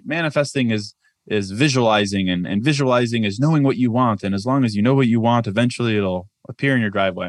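Low-pitched male author as interview guest; thoughtful, practical, conversational, dry studio sound. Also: dry recording. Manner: reflective, practical, peppers speech with "like" and "I mean". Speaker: author and podcast host, guest.

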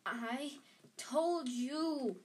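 A woman's voice: medium pitch, normal speed, lightly acted. Woman doing Hermione, a scolding clever schoolgirl. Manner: scolding, breathless.

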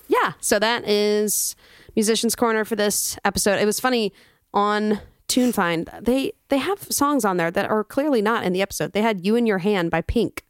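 A woman's voice: medium pitch, moderate pace, clean tone, dry recording, studio quality. A woman co-hosting a podcast in casual, chatty talk, laughing often. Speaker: podcast co-host. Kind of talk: casual chat.

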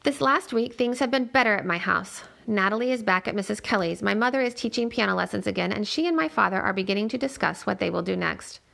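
A woman reading a novel aloud in a steady, plain storytelling manner. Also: medium pitch, quick pace, vocal fry, few pauses. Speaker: reader.

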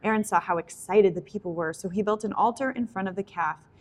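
A woman reading scripture aloud at a steady pace, now and then correcting a slip. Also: mid-range voice, brisk, a little hiss or hum. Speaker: scripture reader.

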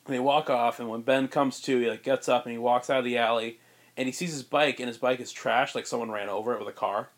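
Man, podcast co-host, casual story pitch, rambling, fillers, laughing. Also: fairly even intonation, fast talker.

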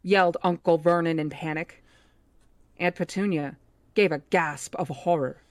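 A woman's voice: lowish voice, unhurried, no echo. A woman hosting a book club podcast, reading a novel aloud steadily and correcting her own slips. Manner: reads steadily, with slips she corrects herself.

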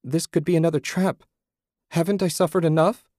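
A man's voice: fairly high pitch, fairly even intonation, a little fast, darkish tone, no room sound, studio quality, voice pushed up, lightly acted. A man voicing a frightened, grieving young mother. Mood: desperate, crying. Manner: anxious, breaking into desperate cries.

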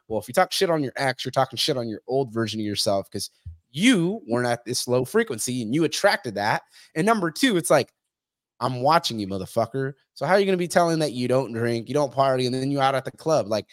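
A blunt young man speaks as a podcast guest, swearing freely and slipping into other people's voices as he tells his stories. His voice sits at an ordinary middle pitch. The sound is dry and close, with no room echo. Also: fast. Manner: animated storytelling, acts out others' lines. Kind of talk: casual interview talk.

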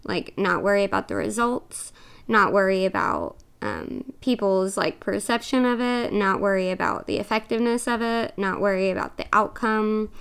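A woman's voice: mid-range voice, normal speed, gravelly, a bit bright, smooth. A young woman hosting a podcast, talking in a chatty, earnest way with lots of fillers, a little out of breath. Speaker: podcast co-host. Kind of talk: casual podcast monologue.

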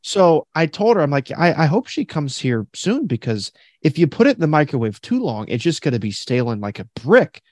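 Podcast co-host, male, animated storyteller who laughs a lot, dry close sound. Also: a little high, fairly quick, no room sound. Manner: animated, laughs through his stories, acts out the people in them. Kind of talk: casual storytelling chat.

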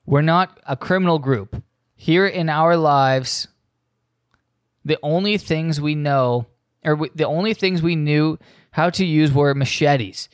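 A man's voice: fairly high pitch, slow pace, clear, resonant tone, no echo, studio quality. A man hosting a podcast, rambling profanely through a casual monologue and reading news aloud. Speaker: podcast host.

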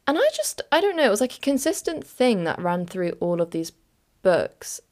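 A woman's voice: mid-range voice, big pitch swings, moderate pace, darkish tone. Chatty giggly young woman. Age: young adult. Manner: chatty and giggly, dramatic sighs and self-mocking despair. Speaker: podcast host. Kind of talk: casual solo podcast chat.

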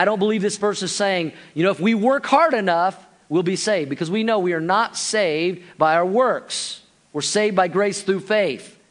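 A pastor preaching a sermon, talking straight to his congregation and acting out their reactions. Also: sits high. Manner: addresses the congregation directly, acts out listeners' reactions.

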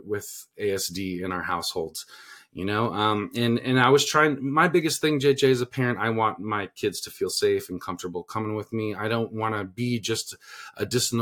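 A man's voice: fairly low pitch, sharp tone. Earnest rambling man chatting on a podcast. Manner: earnest, rambling, frequent restarts and "you know" fillers. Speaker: podcast co-host and parent. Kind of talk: casual podcast chat.

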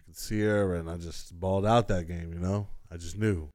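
A man's voice: deep voice, fairly even intonation, normal speed, darkish tone. A man co-hosting a podcast, joking in a laid-back, casual way. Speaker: podcast co-host. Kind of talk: casual banter.

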